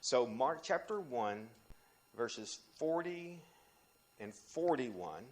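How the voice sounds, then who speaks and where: A man teaching a Bible study, talking in an animated way with restarts and sudden rises when he quotes scripture. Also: drawn-out words. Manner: animated, frequent restarts, pitch jumps when quoting scripture.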